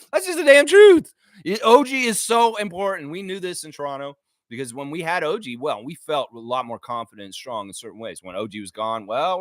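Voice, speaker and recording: A man's voice: medium pitch, dry recording, studio quality. A man hosting a basketball fan livestream, talking in a loose, ranting commentary style with mocking asides. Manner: animated, ranting, mock-voices in asides.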